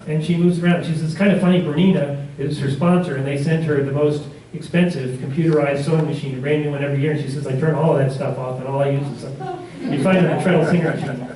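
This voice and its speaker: A man's voice: a little high, quick pace, dark tone, distant mic. Rambling man in a roomy classroom. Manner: rambling, self-correcting storyteller with chuckles. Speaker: community class teacher. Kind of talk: casual classroom talk.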